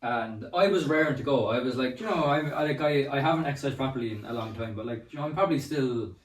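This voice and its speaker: A man's voice: medium pitch, fast talker. Man, teasing co-host, roomy sound, distant mic. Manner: dry teasing quips, relaxed storytelling. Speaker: podcast co-host. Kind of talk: casual comedic chat.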